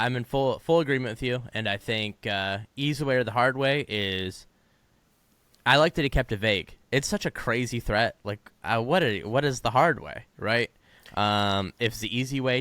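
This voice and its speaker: Low-voiced man hosting a dry podcast. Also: dry recording. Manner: relaxed, hedging, filler-heavy. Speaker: podcast co-host. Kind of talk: casual political discussion.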